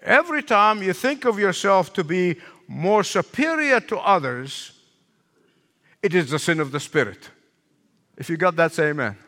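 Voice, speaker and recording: An older male pastor preaches with an animated, lively pitch that swings high and low. He repeats phrases for emphasis and puts questions to the congregation, his slightly raised voice ringing in a long hall reverb. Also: moderate pace. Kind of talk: sermon.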